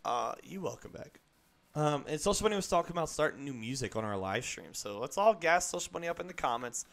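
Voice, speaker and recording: A young man streaming a game live, chatting in a rambling, excitable way to his viewers and to the creatures on screen. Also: a little high, fast, gravelly. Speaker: gaming streamer. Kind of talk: live gameplay chat.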